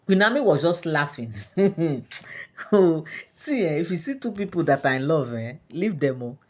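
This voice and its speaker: A Nigerian woman chats through a gossip story for her followers, sprinkling in fillers and local asides. Her speaking voice sits on the lower side for a woman. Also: expressive, brisk, a little mellow. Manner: chatty, full of fillers and Yoruba asides. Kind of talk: casual gossip narration.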